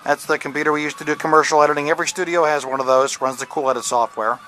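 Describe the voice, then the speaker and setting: Male radio DJ, bright and forceful tone, loose rambling tour-guide delivery with self-aware jokes, camera mic. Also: fairly high pitch, fairly even intonation, rapid-fire, faint music behind. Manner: rambling and jokey, many fillers and restarts. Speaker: radio DJ giving a station tour. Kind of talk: casual walking tour narration. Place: indoor radio station offices and studios.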